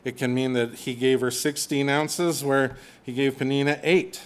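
Man, preacher, conversational sermon, animated, humorous asides. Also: medium pitch, moderate pace, clean tone.

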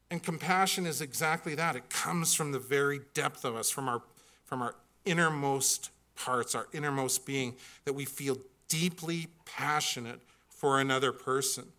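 A man's voice: medium pitch, sharp tone. A middle-aged man preaching a sermon, earnest and building to emphatic peaks when he reads scripture. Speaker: pastor.

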